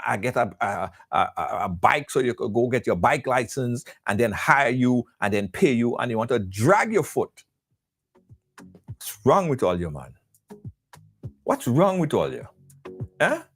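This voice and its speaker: A man hosts a call-in talk show in a heated, preachy rant. His voice swings widely up and down as he scolds. Faint music plays behind him. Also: fairly high pitch. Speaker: radio show host.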